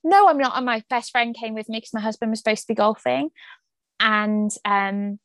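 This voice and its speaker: A woman's voice: on the high side, level tone, moderate pace, a bit bright, no echo. A woman hosting an interview, chatty and joking, often poking fun at herself. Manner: chatty, joking, self-deprecating. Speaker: interview host. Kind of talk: casual interview chat.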